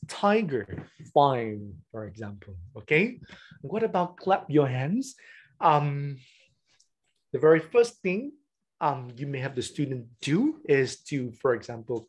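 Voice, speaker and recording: Husky-voiced man explaining classroom games. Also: mid-range voice, a little mellow. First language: Vietnamese. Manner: explains classroom games step by step, with frequent "for instance" and "okay?". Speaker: teacher trainer. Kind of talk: online teacher training talk. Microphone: webcam.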